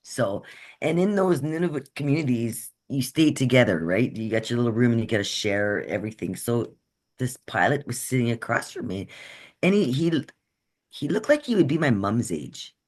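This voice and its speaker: A woman's voice: extremely low pitch, expressive, moderate pace, a little mellow. Woman talking on a video call, earnest and chatty, keeps asking "right?". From Canada. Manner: earnest, checks in often with "right?". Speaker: guest speaker. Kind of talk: conversational workshop talk.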